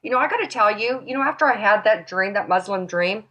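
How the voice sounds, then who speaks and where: A woman's voice: medium pitch, lively intonation, quick pace, bright, forceful tone, lo-fi sound. A woman speaking as a talk show guest, sharing an emphatic, emotional Christian testimony and sounding close to tears. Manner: passionate, emphatic, near tears.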